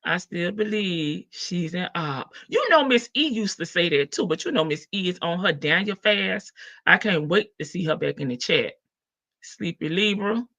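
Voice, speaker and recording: A woman's voice: on the low side, lively intonation, moderate pace, fairly bright tone, no room sound. A woman with a Southern US accent hosting a casual livestream, gossiping, laughing and teasing her chat readers. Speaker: livestream host. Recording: dull lo-fi stream audio.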